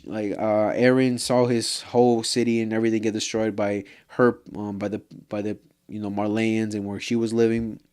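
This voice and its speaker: A man's voice: on the low side, a little mellow. Heated, profane man ranting casually. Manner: profane and heated, says "bro" constantly; rambling with many fillers and restarts. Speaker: vlogger. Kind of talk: casual anime rant.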